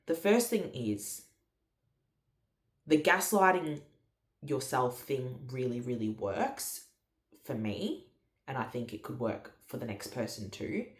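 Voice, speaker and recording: A woman's voice: very deep voice, sing-song, slow pace, pauses often, roomy sound. A woman, telling a story in a chatty, casual way with lots of fillers. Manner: chatty, many fillers and quoted dialogue. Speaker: vlogger.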